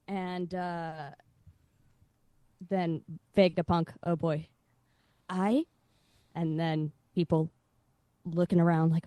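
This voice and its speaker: Woman on a podcast talking real slow, recapping, dry mic. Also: lowish voice, darkish tone, dry recording. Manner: unhurried, recaps story beats. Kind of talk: casual chat.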